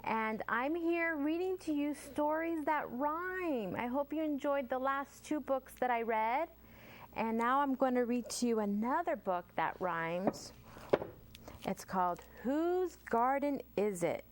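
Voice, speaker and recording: A woman's voice: high-pitched, animated, unhurried. An American woman, a children's librarian, reading a rhyming picture book aloud at storytime. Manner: warm sing-song read-aloud.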